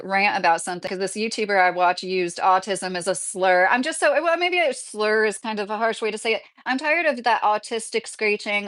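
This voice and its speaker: A woman's voice: on the high side, a bit bright. A woman in her thirties talks casually on her own livestream. She reads viewer comments aloud, rambles, and laughs often as she goes. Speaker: YouTube livestream host.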